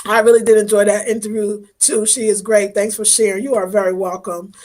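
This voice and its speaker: With a darkish, flat, medium-pitched voice, a livestream host briskly goes through viewer comments. She warmly and lavishly thanks people by name in her casual stream, her voice at times shaking with feeling.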